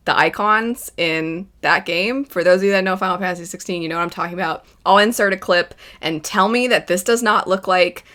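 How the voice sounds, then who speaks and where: A young adult woman giving casual, enthusiastic first-impressions commentary on an anime, chatty and quick to laugh. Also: lowish voice, pushed and bright. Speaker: anime reaction vlogger.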